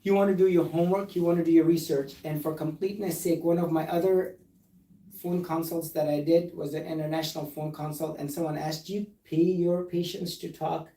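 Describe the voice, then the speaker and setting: A man's voice: fairly high pitch, little pitch movement, a little fast, warm tone, echoey room, distant mic, low-quality recording. A man who is a plastic surgeon, speaking earnestly and emphatically and reading documents aloud during a recorded live discussion.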